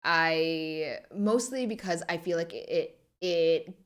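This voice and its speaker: A young woman in her twenties speaks as a podcast guest, her voice sitting low. She talks in a soft, reflective way, pausing often and leaning on fillers as she thinks aloud. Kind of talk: podcast interview.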